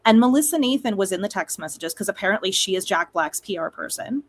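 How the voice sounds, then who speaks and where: A young adult woman hosting a casual chat, talking in quick, chatty runs with frequent laughs and asides. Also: medium pitch, lively intonation, slight background noise. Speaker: host.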